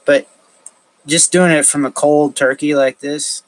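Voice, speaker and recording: A man talking alone on a livestream, thinking aloud in a halting way with frequent restarts and fillers. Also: fairly high pitch, fairly even intonation, low-quality recording. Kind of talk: rambling solo livestream talk.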